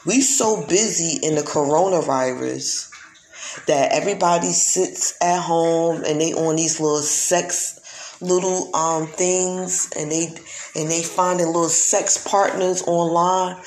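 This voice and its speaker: Slow, gravelly woman ranting in an echoey room. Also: on the low side, fairly even intonation, darkish tone, slight background noise. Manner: emphatic, preachy, repeats herself. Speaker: vlogger. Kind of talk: casual monologue.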